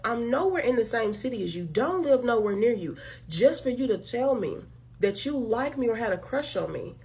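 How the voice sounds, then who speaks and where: A woman's voice: fairly high pitch, sing-song, normal speed, darkish tone. A woman hosting her own channel, giving a blunt, emphatic, profane commentary rant straight to her viewers and calling them y'all. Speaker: channel host. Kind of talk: direct-to-camera commentary rant.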